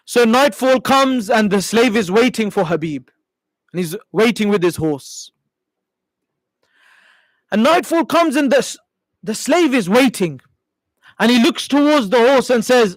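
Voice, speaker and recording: A man's voice: extremely high pitch, animated, measured pace, long pauses, no echo, rough recording. A male preacher impassioned in telling a sacred story during a sermon.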